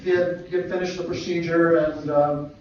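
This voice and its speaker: Soft-spoken man in an echoey lecture hall. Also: fairly high pitch, level tone, a little hiss or hum. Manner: soft-spoken, halting, with frequent pauses. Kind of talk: memorial tribute talk. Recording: echoey hall, distant mic, dull livestream audio.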